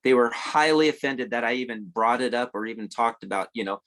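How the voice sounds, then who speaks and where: A man's voice: medium pitch, brisk, a bit bright. A man telling a long story as a guest in a casual interview, rambling with many fillers and restarts.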